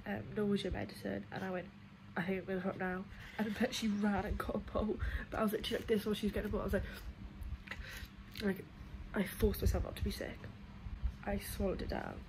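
A woman's voice: medium pitch, flat delivery, fast talker. A young woman vlogging chattily from a hospital room while recovering from nose surgery, filmed on a phone. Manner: chatty, emotional, laughs often. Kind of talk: casual vlog to camera. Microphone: phone camera. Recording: noisy phone recording.

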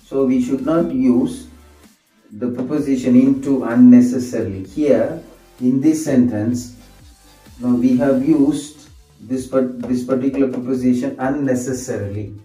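Man, grammar teacher, slow and repetitive delivery, dark mellow voice, roomy echo. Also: medium pitch, recorded from a distance. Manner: slow, repetitive, says sentences over and over; answers himself with "yes". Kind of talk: grammar lesson. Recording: echoey room, voice set off from the mic, faint music.

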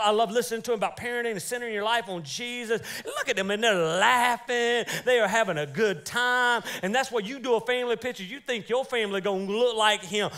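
A man preaching a lively, joking sermon in church as pastor, calling out for amens. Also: very high voice. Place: church sanctuary.

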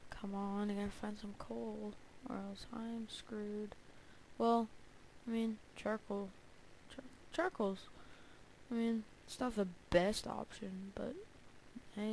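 A woman's voice: medium pitch, darkish tone, slight background noise, rough recording. Chatty woman narrating her gameplay. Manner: chatty, frequent panicked repeated cries. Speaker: let's play gamer. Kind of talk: casual gameplay commentary.

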